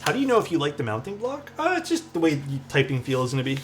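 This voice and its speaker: A man's voice: a little high, wildly swooping pitch, fast, faint music behind. A man streaming as he assembles a keyboard, talking casually, thinking aloud and answering chat, sometimes drifting away from the mic. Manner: drifts off-mic while searching for parts.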